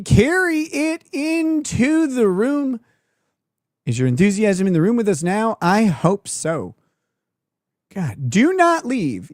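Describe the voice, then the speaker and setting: A woman streamer reacting live, laughing and swearing as she goes. Her pitch swings widely in a sarcastic, teasing way. The sound is dry and close to the mic. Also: a little mellow, no echo. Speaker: streamer host.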